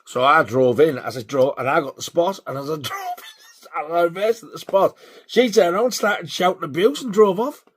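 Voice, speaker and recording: A man telling a sweary, animated story in a casual vlog. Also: a little high, normal speed, slightly rough. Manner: sweary, animated when riled. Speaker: vlogger.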